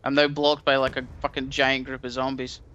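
A man's voice: medium pitch, completely flat delivery, fairly quick, a bit bright, muffled recording. A man playing a co-op game and chatting over a headset mic, blunt and profane, trading banter with his friends. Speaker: co-op game player. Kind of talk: casual gaming chat.

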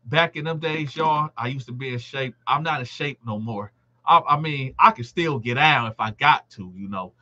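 Bright-voiced man telling a prison story. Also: mid-range voice, normal speed, dull audio. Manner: animated, acts out other inmates' quoted lines. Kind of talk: casual storytelling to a live audience.

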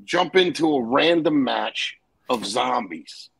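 Gravelly New man telling a story. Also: mid-range voice, lively intonation, takes it slowly, a bit bright, poor audio. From New York. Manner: profane, acts out the other people in his stories. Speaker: guest. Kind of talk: casual storytelling.

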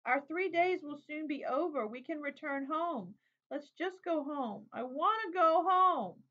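A woman's voice: sits high, moderate pace, highs cut off, pitched above the performer's own voice, natural voice. A woman reading a memoir aloud, voicing a small tearful girl who pleads and whines to go home. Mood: pleading, tearful. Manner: whiny, pleading.

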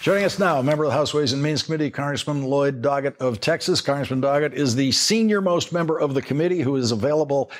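A man's voice: fairly high pitch, fast, few pauses. A man hosting a cable news show, explaining a law and questioning a guest, with restarts when he asks questions. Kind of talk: cable news monologue and interview.

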